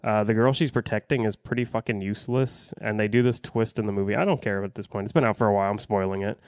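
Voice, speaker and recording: A man's voice: lowish voice, steady tone, fast, clear, resonant tone, no room sound, clean studio sound. A man giving a casual, rambling movie review, blunt and profane, full of fillers and restarts.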